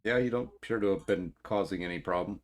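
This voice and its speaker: Low-voiced man running a tabletop game. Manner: halting, repeats words, gruff as bouncers. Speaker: game master.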